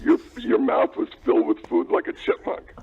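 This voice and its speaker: A man calling in on the phone, needling the hosts with gruff complaints in casual comedic banter. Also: normal speed. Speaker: phone-in guest. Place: phone call. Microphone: telephone. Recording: tinny phone line.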